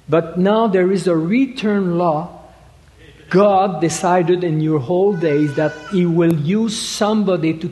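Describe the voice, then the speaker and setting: Male preacher. Halting, stop-start delivery with emphatic peaks. Slightly raised pitch, echoing hall. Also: darkish tone. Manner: halting, repeats words, rises to emphatic quoting. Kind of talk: sermon. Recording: reverberant hall.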